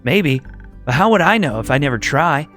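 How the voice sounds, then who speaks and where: A man's voice: on the high side, sing-song, normal speed, fairly bright tone, soft background music. A man voicing an eager young female adventurer with an earnest, wondering delivery.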